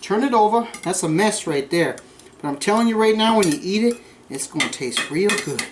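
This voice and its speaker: A boastful redneck cook, as a man puts him on in a comic cooking show. His voice sits high and he keeps barking orders at the cameraman. The kitchen rings with echo and a faint hiss sits underneath. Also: animated, fairly quick. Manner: boastful, bossing the cameraman around. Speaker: cooking host. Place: home kitchen.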